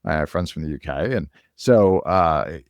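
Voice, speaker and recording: A man's voice: rumbling low, lively intonation, normal speed, no echo, muffled recording. A man from Minnesota hosting a podcast in casual interview chat, rambling and restarting sentences. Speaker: podcast host.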